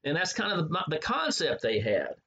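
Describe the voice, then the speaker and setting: A man preaching a Bible sermon, halting often with fillers and repeated words as he reads and explains scripture. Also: on the high side, huge pitch swings, bright, forceful tone, breathy edge, highs cut off.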